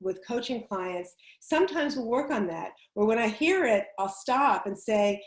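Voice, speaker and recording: On a video call with roomy echo, a woman who coaches public speaking offers emphatic, chatty tips and laughs readily. Her voice runs on the high side, animated, at a moderate pace.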